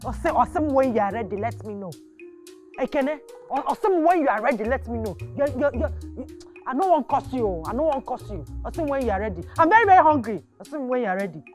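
An actress with a Nigerian Pidgin accent playing a hungry, quick-tempered young girlfriend who scolds her boyfriend. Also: fairly high pitch, expressive, faint music behind, lightly acted. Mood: demanding. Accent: Nigerian Pidgin English. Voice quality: loud, quarrelsome, scolding. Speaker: girlfriend of Ekene. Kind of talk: Nollywood film acting.

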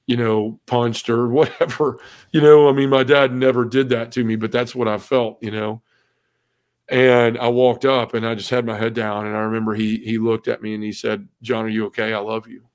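Man, middle-aged, podcast guest, heartfelt personal testimony, conversational asides, flat even pitch. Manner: earnest, heartfelt storytelling, frequent "you know" asides.

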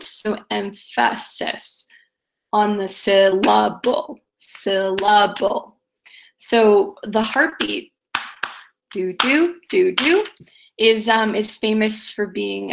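A woman's voice: a little high, vocal fry, fairly bright tone, rough recording. A woman teacher giving a chatty, filler-heavy recorded video lecture.

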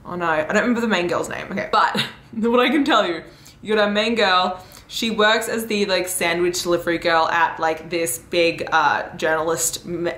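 Chatty young woman in an echoey room. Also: fairly low pitch. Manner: chatty and animated, many fillers, laughs often. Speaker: book vlogger. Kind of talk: casual book review vlog.

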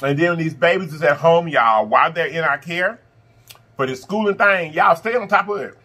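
A middle-aged man chats straight to his viewers while he eats. His voice is bright and fairly high for a man, and he keeps it affectionate and a little preachy, calling everyone "baby" and "y'all". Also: normal speed. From Southern United States. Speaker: mukbang vlogger. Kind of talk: casual talk to camera while eating.

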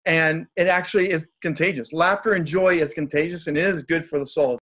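Guy with a bit of a high voice, upbeat, jokey, telling stories on a podcast. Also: steady tone, fairly quick, a bit bright. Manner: upbeat, joking storyteller. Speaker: guest, motivational speaker. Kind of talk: casual storytelling in conversation.

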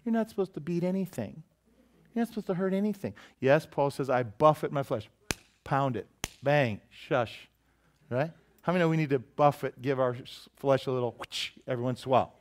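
A male pastor giving a lively sermon, often asking the congregation questions and acting out quotes with sudden shouts. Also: mid-range voice, quick pace. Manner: animated preaching with call-and-response asides to the congregation.

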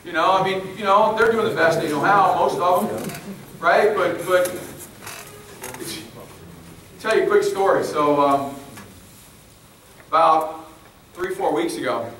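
A man's voice: high voice, measured pace, pauses often, a bit bright. A man giving an emphatic public speech to a crowd, repeating his key phrases. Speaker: speaker at a public meeting. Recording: echoey hall from far off, faint noise.

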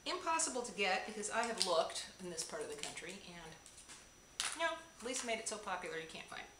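A woman's voice: medium pitch, sing-song, quick pace. A woman vlogger gushing over a box of gifts, gasping and exclaiming with delight as she unwraps each item. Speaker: beauty vlogger. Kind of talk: excited unboxing chat. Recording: echoey room with clear background noise.

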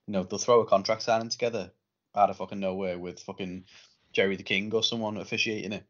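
A man's voice: on the low side, fairly even intonation, fast, a bit bright. A man co-hosting a podcast, chatting casually and swearing a lot in an exasperated way. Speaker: podcast co-host. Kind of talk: casual wrestling chat. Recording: dull lo-fi podcast audio.

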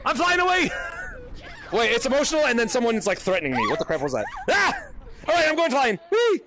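A man hosting a fan meetup in a VR game, shouting and laughing as he greets many kids at once through his headset. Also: extremely high pitch, wildly swooping pitch, fast talker. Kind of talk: excited livestream chat with fans in VR. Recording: noisy crowded game lobby. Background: crowd of players chattering.

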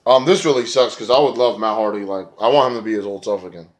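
A man's voice: lowish voice, fast talker, few pauses. A man feeling sick and snotty, giving a casual, profane, rambling review of a wrestling show, with lots of filler words. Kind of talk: casual spoken review vlog.

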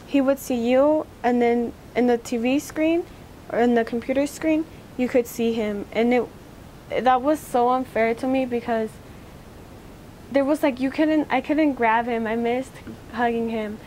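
A teenage girl speaks in a fairly high voice that stays level and even, with little rise or fall. She recounts a personal memory for an oral history interview in a halting way. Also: slight background noise. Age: teens.

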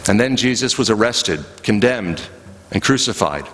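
A man preaching a sermon as a pastor, telling the story in a slow, rhythmic way with long pauses. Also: lowish voice, expressive, a bit bright, faint music behind. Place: church sanctuary. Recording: live church recording with long reverb.

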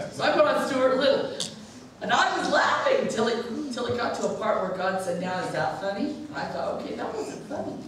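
A woman pastor preaching a sermon with humorous, animated storytelling, heard echoing from a distance in a church sanctuary. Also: a little high, slight background noise.

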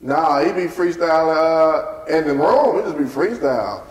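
A man hosting a casual chat, loud and slangy, laughing often and breaking into excited bursts. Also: a little high, normal speed. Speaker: podcast host. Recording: roomy echo with long reverb.

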